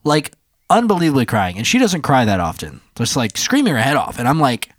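A man co-hosting a podcast, chatting casually and telling stories with lively acted-out quotes. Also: fairly quick, dry recording, clean studio sound. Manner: animated storyteller, acts out quotes in a high voice. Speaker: podcast co-host. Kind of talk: casual chat.

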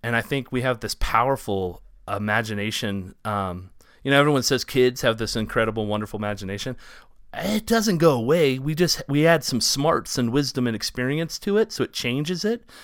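A man from Ohio, co-hosting a podcast, tells a story in a rambling, casual way full of fillers, and grows animated as it builds. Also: medium pitch, moderate pace, no echo, studio quality. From Ohio, USA. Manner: rambling, filler-heavy, animated when excited. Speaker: podcast co-host.

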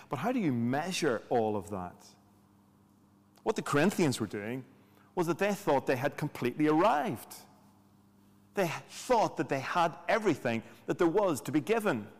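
A man preaching a sermon in a conversational way, with rhetorical questions and dry humor. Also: mid-range voice. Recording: long hall reverb.

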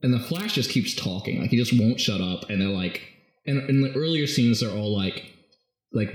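A man's voice: medium pitch, animated, normal speed. A man casually recapping a movie script as a podcast host, rambling and jokey, full of fillers. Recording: very echoey room.

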